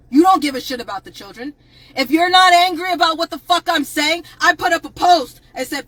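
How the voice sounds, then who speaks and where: A woman delivers a furious, profane rant live to her viewers, raising her voice into shouts again and again. Her voice sits high and sounds bright and sharp. The sound is dry, with no room echo. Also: fairly quick. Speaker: advocate on a livestream. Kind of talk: impassioned livestream rant.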